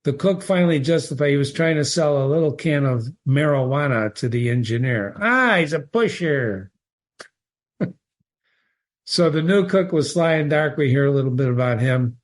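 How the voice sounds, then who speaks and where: Reading a short story aloud at a moderate pace, a male literature teacher with a mid-range voice breaks down its passages. He keeps pausing to quote lines and put rhetorical questions to listeners, in an animated, questioning manner.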